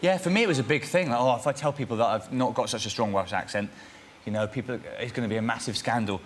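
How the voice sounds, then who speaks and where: A man's voice: medium pitch, quick pace, a little hiss or hum. A man who does stand-up, telling a self-mocking story on a chat show. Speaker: stand-up comedian.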